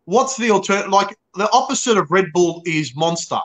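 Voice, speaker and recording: A cheeky Australian man talks as a guest on a live chat. He banters hard and throws in "mate" all the time. His voice is a little high, with a bright, forceful edge. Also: animated, normal speed. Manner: cheeky, banter-heavy, says mate often. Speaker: guest, fellow show host. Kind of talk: casual live-stream chat.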